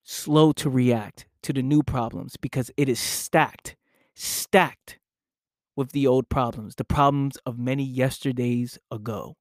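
A man hosting his own podcast, talking slowly and deliberately in a reflective monologue, often repeating phrases for emphasis. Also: medium pitch, steady tone, no room sound, studio quality. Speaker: podcast host, personal coach.

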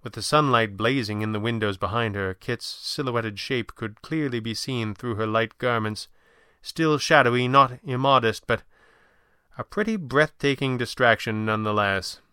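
Male audiobook narrator, bright tone, crisp and resonant, unhurried, dry studio sound. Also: mid-range voice, dry recording. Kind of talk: scripted narration.

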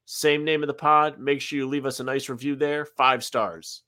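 A man's voice: mid-range voice, steady tone, normal speed, pushed and bright. A man co-hosting a sports podcast in casual chat, laid-back with dry jokes and reading the outro plugs. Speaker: podcast co-host.

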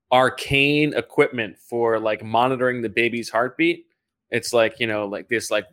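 A man's voice: medium pitch, fairly bright tone. A man on a sports podcast panel, chatting casually and rambling with lots of fillers.

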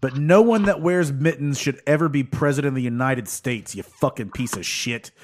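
A man hosting a podcast in casual chat, animated and profane, rambling with lots of fillers. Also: medium pitch, moderate pace. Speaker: podcast host.

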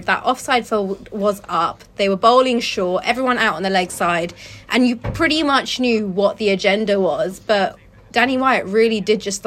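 A woman's voice: mid-range voice, a bit bright. A woman co-hosting a cricket podcast, giving her views on play in a chatty, loosely phrased way. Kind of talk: casual sports discussion.

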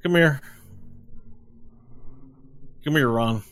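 A man's voice: lowish voice, steady tone, a little fast, mellow, slightly rough. A man voicing a sly female gang leader who taunts the heroes with a mocking drawl. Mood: commanding.

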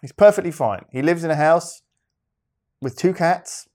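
A man's voice: a little high, normal speed, mellow. A man co-hosting a casual comedy chat, joking and laughing often. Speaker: podcast co-host. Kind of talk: casual banter.

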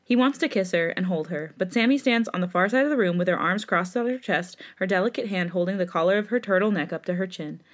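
A woman's voice: lowish voice, fast talker, hardly any pauses. Woman host narrating a story aloud. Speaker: podcast host. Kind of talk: reading fan fiction aloud.

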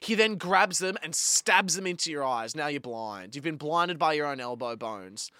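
A man's voice: a little high, normal speed, clean tone, no echo, clean studio sound. An Australian man co-hosting a podcast, ranting with lots of swearing in casual chat. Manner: animated, profane ranting. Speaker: podcast co-host.

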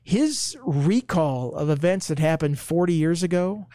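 Male podcast guest, a chatty reporter with a fairly high voice, recorded dry. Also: lively intonation, warm tone, no room sound. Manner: chatty storyteller, quick asides. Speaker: sports reporter. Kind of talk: casual podcast chat.

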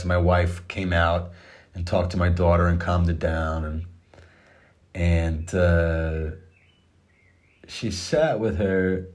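A man's voice: deep voice, a little mellow. A middle-aged man casually telling a personal story about his daughters, rambling with many restarts and the odd curse.

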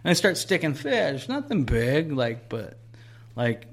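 A man's voice: a little high, sing-song, unhurried. A man in casual chat, telling a long fishing story in a rambling way with lots of fillers and swearing.

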